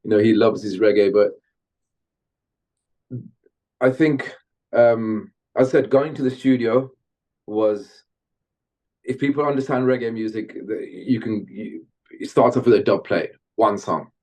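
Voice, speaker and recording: A middle-aged man from Birmingham, England, guesting on an interview podcast and telling stories from his music career in an animated way. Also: on the low side, a little slow, pauses often. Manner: animated storyteller, slips into Jamaican-style patois when chanting. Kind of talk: storytelling interview.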